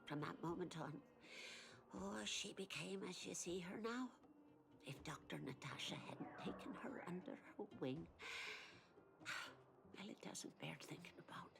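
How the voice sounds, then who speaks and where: A sorrowful old woman speaks in a low, gravelly near-whisper, for a game. Her tone is gentle and weary, with a faint accent. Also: measured pace. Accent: foreign-sounding. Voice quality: gravelly, hushed.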